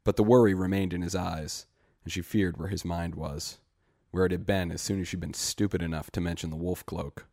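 A man narrating a short story in a steady, measured read. His voice is very low. The recording is dry and close, with no room sound. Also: vocal fry, no room sound. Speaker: story reader. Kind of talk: scripted narration.

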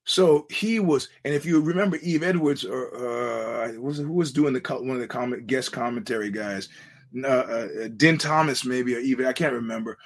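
Husky-voiced man rambling as podcast host. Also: medium pitch, moderate pace. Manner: digressive storytelling with frequent restarts and laughs; blunt and profane. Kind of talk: casual rambling monologue.

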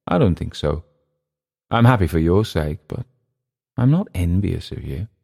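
A man's voice: low voice, sing-song, measured pace, creaky, mellow, slightly rough, heavily acted. A man doing a curt brooding older European. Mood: dismissive. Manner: curt, through clenched teeth.

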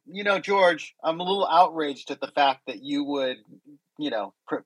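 A man hosting a casual online group chat, relaxed and self-deprecating, with frequent chuckles. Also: medium pitch, dry recording, rough recording. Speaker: host.

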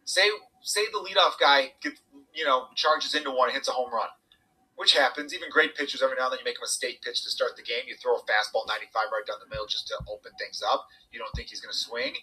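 A young man telling animated stories in casual podcast chat, quoting people and swearing as he vents. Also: mid-range voice, fast, slightly rough, rough recording. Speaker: podcast guest, comedian.

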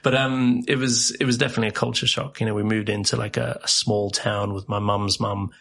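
A man from South Africa, chatting as a guest in a loose interview. His fairly low voice has a gravelly, husky edge. He tells meandering stories, jokes at his own expense and laughs often. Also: little pitch movement, fairly quick, a bit bright. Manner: rambling, joking storyteller who laughs often. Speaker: podcast guest. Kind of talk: casual interview chat.

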